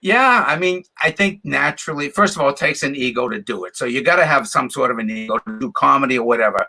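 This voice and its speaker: A man with a Boston accent chatting as a comedian guest in an interview, emphatic and repeating his points, quick to laugh. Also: medium pitch, expressive, vocal fry, bright, forceful tone. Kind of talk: casual interview chat.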